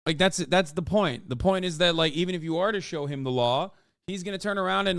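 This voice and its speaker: A male streamer reacts to a video in loose, profane commentary that jumps between quick asides. His voice is fairly high and smooth. It sounds dry and close on the mic. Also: dry recording. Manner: profane, animated, quick interjections.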